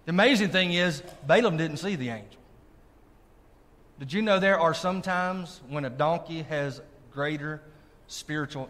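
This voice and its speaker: Pastor, man, lively sermon delivery, slightly high voice, long hall reverb. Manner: animated preacher, asks the congregation if they are listening. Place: church sanctuary.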